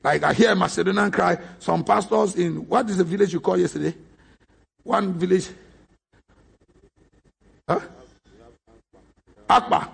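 Raspy, gravelly-voiced preacher man. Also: high-pitched, a little slow, long pauses. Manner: emphatic, storytelling preacher who bursts into shouts. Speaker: pastor. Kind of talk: sermon.

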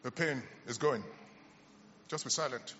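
A man's voice: mid-range voice, measured pace, a little hiss or hum. A man preaching a healing sermon in a large church, fervent and calling out to the congregation. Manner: fervent, shouting call-and-response. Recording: lo-fi church hall recording with reverb.

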